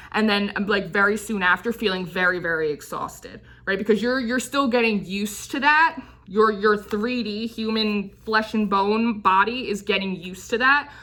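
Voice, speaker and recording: A woman's voice: mid-range voice, sharp tone. A young woman giving a casual, chatty tarot reading, full of fillers and repeated phrases. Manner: chatty, filler-heavy, repeats phrases, drifts into quick put-on voices. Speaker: tarot reader.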